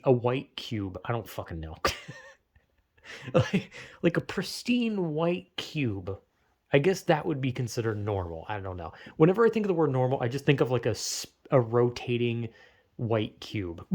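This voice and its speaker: A man's voice: medium pitch, a little mellow. A young man talking alone in a loose, rambling way, swearing often and laughing at his own tangents. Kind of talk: casual rambling monologue.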